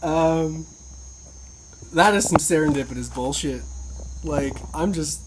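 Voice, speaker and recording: A woman on a motorcycle trip, chatting in a casual video diary, excitable and incredulous, swearing freely. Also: sits low, a little slow, heavy background noise. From Canada. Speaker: motorcycle travel vlogger.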